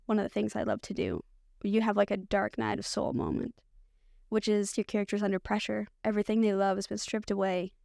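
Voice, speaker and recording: Gravelly-voiced woman telling her story. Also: mid-range voice, a little mellow, no room sound, studio quality. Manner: candid, rambling, frequent "like" fillers. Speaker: podcast guest. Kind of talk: personal storytelling.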